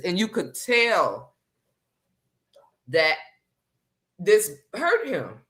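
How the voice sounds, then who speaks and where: A woman in casual chat, talking sassy and emphatic. She hammers her points home by repeating them and swinging her pitch high and low. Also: fairly bright tone. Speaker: commentary livestream host. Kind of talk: casual chat, drama commentary.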